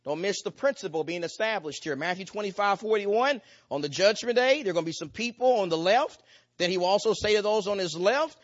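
A man with a high voice preaches a sermon. He repeats his points and pushes his delivery harder as he goes. The recording sounds dull and lo-fi. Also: expressive, a little fast. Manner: emphatic, repetitive preaching cadence with rising intensity.

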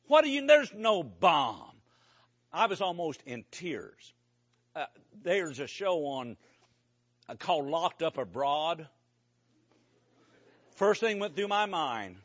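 A man preaching to a congregation, telling a lively story about a mission trip with casual asides to the listeners. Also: high-pitched, dull audio. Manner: conversational, animated storytelling with asides to the audience. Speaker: preacher giving a mission report.

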